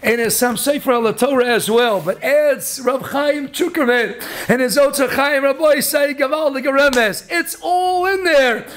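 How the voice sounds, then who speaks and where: A man giving a lively Torah lecture as a rabbi. He laughs often and mixes Hebrew and Yiddish terms into his talk. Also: extremely high pitch, normal speed.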